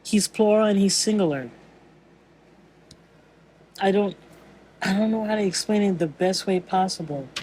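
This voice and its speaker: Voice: medium pitch, normal speed, long pauses, a little mellow, breathy edge, low-quality recording. Rambling, earnest spiritual vlogger. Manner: rambling, searching for words, frequent restarts; earnest and musing. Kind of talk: casual spiritual monologue.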